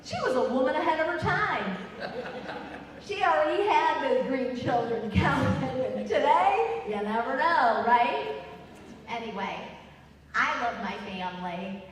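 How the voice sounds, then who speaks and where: A woman telling comic family stories on stage in an animated way. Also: sits high, unhurried, slight background noise. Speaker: storyteller. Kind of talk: stage storytelling. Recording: echoey hall, distant mic.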